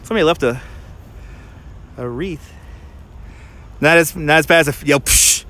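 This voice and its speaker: A man's voice: on the high side, bright, forceful tone, slight background noise. Chatty Brooklyn man walking outdoors. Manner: chatty, quick, with frequent restarts and laughs. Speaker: tour guide and livestream host. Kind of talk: casual livestream chat while walking. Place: outdoors in a snowy park.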